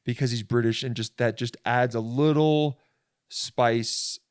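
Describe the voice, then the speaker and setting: A young man hosting a comedy podcast, riffing in a crude, rambling monologue that keeps stopping and restarting mid-thought. His voice sits at a medium pitch. The recording is close and dry, made from a bed in a rental apartment. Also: fairly even intonation, measured pace, smooth, dry recording. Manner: crude, self-interrupting, rambling. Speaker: podcast host.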